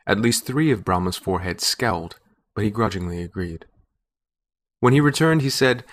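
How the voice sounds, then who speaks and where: Low-voiced male story narrator. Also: expressive. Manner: measured first-person storytelling. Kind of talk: scripted narration.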